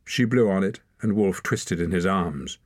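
A man's voice: low voice, lively intonation, measured pace, no echo, studio quality. A man narrating a story as an audiobook reader, reading expressively. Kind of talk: scripted narration.

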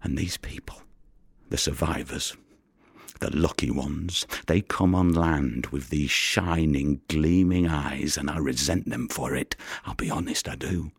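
A weary, bitter fisherman in a radio play. His voice is extremely deep and gravelly, with a husky, rough grain. He speaks very slowly, like a quiet confession, in a dry, close recording. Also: no room sound, heavily acted. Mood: bitter, confessional. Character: weary bitter male fisherman, middle-aged. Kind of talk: radio drama monologue.

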